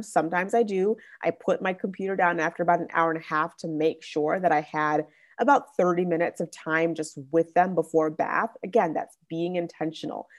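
Chatty young woman, slightly low voice. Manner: chatty, many "like" fillers and restarts. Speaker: podcast host. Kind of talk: casual faith-based parenting monologue.

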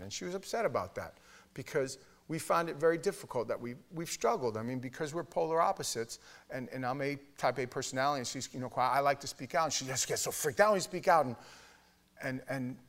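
A man in his fifties from New York, preaching a sermon in a loose, conversational storytelling way that swells into loud, shouted punchlines. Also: mid-range voice, fast. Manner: conversational, frequent restarts and fillers.

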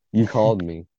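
Rambling and cursing through an emotional story, this late-teen podcast co-host leans hard on filler words in casual chat. His fairly low, dark voice comes through dull audio with slight background noise.

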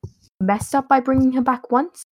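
A woman voicing a stern, booming ancient male divine being who scolds and commands. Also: steady tone, moderate pace, a little mellow, a little hiss or hum, close to an everyday voice.

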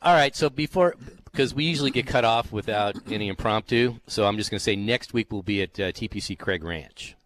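A man's voice: fairly low pitch, fairly quick, a bit bright, slight background noise. A man hosting a casual sports radio chat, joking and teasing his co-hosts. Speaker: host.

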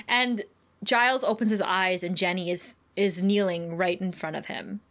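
A woman co-hosting a casual podcast, recapping a TV episode in lively, laugh-filled chat and swearing casually. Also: medium pitch, a little slow. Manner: animated, laughs often, acts out quotes.

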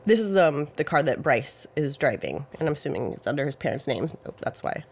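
A casual true-crime podcast host talks in a loose, rambling way. Details get hedged with "I think" and "I believe", and the talk is full of "like" and "you know". The pitch sits in a middle range. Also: sing-song, brisk, vocal fry, breathy edge.

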